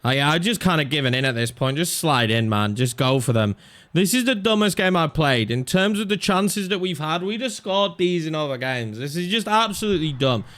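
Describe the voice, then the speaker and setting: A man's voice: fairly high pitch, lively intonation, brisk. Exasperated young man commentating a game. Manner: exasperated, swings from shouting to muttering. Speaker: gaming YouTuber. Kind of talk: live gameplay commentary.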